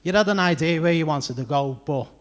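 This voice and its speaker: A man with a Scouse accent working a comedy club stage, chatting with the crowd in a stand-up set. His voice sits a touch high for a man, and he lands crude punchlines in a self-deprecating way. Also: a little fast. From Liverpool area, England.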